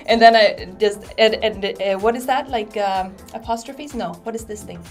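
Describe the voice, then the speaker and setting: A woman's voice: mid-range voice, normal speed, few pauses, soft background music. A woman from Sweden with an American accent, hosting a casual livestream, bubbly and giggly as she reads viewer comments. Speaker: livestream host.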